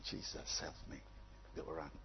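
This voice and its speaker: A man, preaching a sermon as a pastor, swinging from low musing to loud exhortation. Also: moderate pace, lo-fi sound, a little hiss or hum. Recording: long hall reverb.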